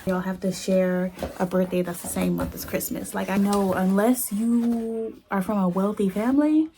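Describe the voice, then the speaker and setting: A young woman talks casually into her phone's front camera and teases herself as she goes. Her voice sits in a middle range and now and then drops to a near whisper. A steady background noise runs under the home recording. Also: mid-range voice, moderate pace. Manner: chatty and self-teasing, drifting to hushed tones. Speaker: vlogger.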